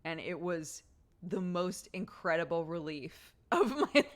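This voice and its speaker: Low-voiced giggly young woman streamer. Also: unhurried. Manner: giggly, rambling storyteller. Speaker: streamer host reading chat. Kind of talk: casual chat with viewers.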